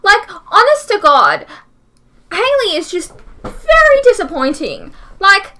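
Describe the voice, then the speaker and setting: A woman's voice: very high voice, huge pitch swings, takes it slowly, pushed and bright. A young woman hosting a reaction vlog, ranting in frustration, swearing often and filling her talk with "like". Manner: frustrated, swears a lot, fillers like "like". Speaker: reaction channel host. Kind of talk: casual reaction vlog rant.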